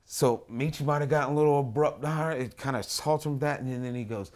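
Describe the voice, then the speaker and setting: A man, an artist, casually telling a wild story in an interview, swinging between mumbled asides and loud, profane outbursts. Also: mid-range voice, quick pace, hardly any pauses. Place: lives in Atlanta.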